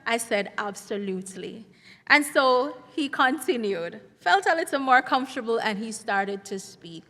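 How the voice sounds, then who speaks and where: A woman's voice: on the high side, animated, sharp tone. Earnest woman counselor speaking in a hall. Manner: earnest, measured, heartfelt. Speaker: school counselor. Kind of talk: symposium speech. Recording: reverberant hall sound.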